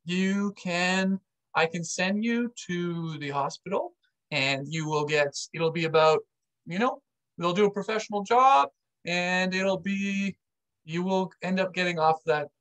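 A blunt, matter-of-fact army doctor, quoted by a man telling a story. The voice sits fairly high for a man and keeps a plain, unfussed delivery. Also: lively intonation, measured pace, fairly bright tone.

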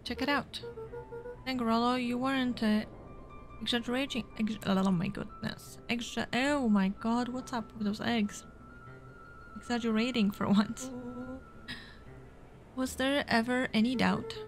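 A woman's voice: a little high, steady tone, measured pace, pauses often, soft background music. A woman casually reading game dialogue aloud as a let's play host, with fillers.

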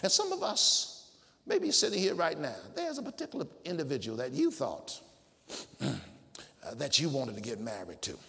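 A man preaching a sermon in a church, emphatic and climbing to shouted peaks. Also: fairly high pitch, big pitch swings, normal speed, gravelly, husky, in a large hall. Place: church sanctuary.

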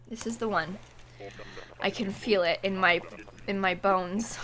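In an unhurried, fairly high voice that sounds pushed and bright, a young woman chats casually while streaming a game. She thanks viewers by reading their names from chat as music plays beneath her.

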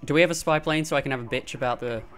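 A man giving live gameplay commentary through a gaming headset, excitable and quick to yelp and laugh in fights. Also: mid-range voice, faint music behind. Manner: excitable, frequent yelps and laughs during fights. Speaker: gamer.

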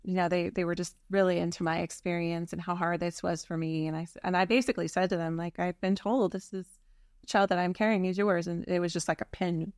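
A woman's voice: lowish voice, flat delivery, fast talker, darkish tone, dry recording, clean studio sound. A woman telling her personal story in a candid conversation, earnest and reflective, often restarting her sentences. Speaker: birth mother guest.

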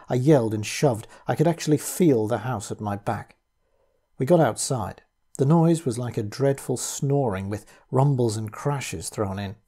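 A man giving a measured, grave first-person reading of a horror story. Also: mid-range voice, warm tone. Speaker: audiobook reader.

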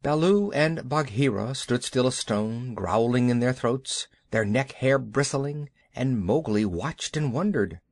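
A male storyteller reading a children's audiobook at a slow, measured pace, his voice rising and falling with lively expression. He's close to the mic in a dry, dead room. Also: medium pitch, dry recording. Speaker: audiobook narrator. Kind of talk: scripted storybook narration.

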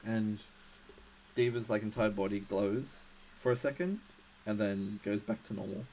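A man's voice: lowish voice, a little slow, darkish tone, slight background noise, low-quality recording. A man narrating as game master for a tabletop game, hesitant and full of fillers and restarts.

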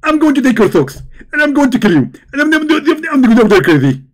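A man doing a mocking impression of an excitable, boastful male preacher who speaks in rapid, childish bursts. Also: very high voice, voice pushed up.

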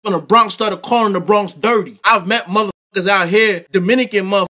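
A man reacts to a clip in a heated, profane rant. His voice is bright and edgy, and he swings sharply between high, loud outbursts and low mutters. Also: fast. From Brooklyn, New York. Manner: profane, exasperated, animated rants with big swings in pitch. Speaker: reaction commentator. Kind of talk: heated casual commentary.

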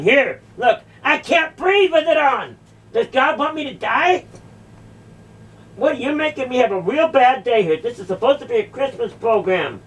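A woman's voice: fairly high pitch, lively intonation, unhurried, long pauses, recorded from a distance. A woman delivering a confrontational, mocking monologue, sarcastically repeating phrases back. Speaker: video creator confronting a church.

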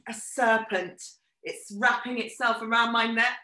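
A woman leading a live-streamed family workshop, telling the story in a lively, animated way. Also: a little high, a little slow. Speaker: workshop leader. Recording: echoey room.

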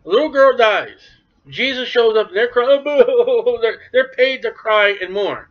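Animated preacher man, high voice, lo-fi. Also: measured pace. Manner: animated, acts out biblical voices. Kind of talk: sermon. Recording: dull lo-fi recording.

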